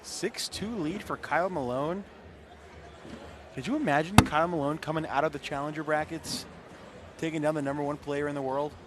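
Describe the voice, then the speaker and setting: A man's voice: fairly high pitch, fairly even intonation, normal speed, very noisy. A man giving chatty, playful color commentary on a tournament match. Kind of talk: sports commentary.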